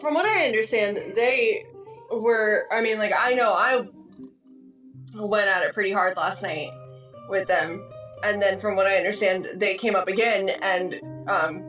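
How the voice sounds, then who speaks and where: A woman's voice: medium pitch, measured pace, soft background music. A woman co-hosting a live stream in casual chat, full of "like" and casual swearing. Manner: chatty, lots of "like", swears casually. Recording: roomy, distant and muffled.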